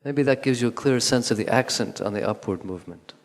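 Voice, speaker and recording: A man calmly guiding a movement lesson, giving instructions with pauses and counted beats. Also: mid-range voice. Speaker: movement teacher. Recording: long hall reverb.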